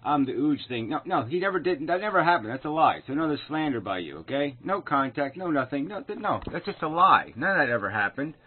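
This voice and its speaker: A man's voice: a little high, very animated, quick pace, hardly any pauses, slightly rough. A man recording an angry, profane, sarcastic response video, picking apart another man's claims. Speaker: video commentator. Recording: tinny phone-like sound.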